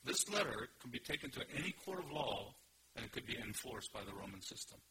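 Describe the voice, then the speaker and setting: A man preaching an expository sermon, emphatic, with sudden rises in pitch and loudness. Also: very animated, a little fast. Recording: noisy recording.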